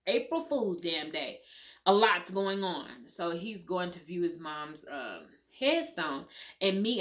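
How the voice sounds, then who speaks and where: A woman's voice: fairly low pitch, fairly bright tone. A young adult woman, telling a personal story in a candid storytime vlog, swearing freely and calling her viewers y'all. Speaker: vlogger.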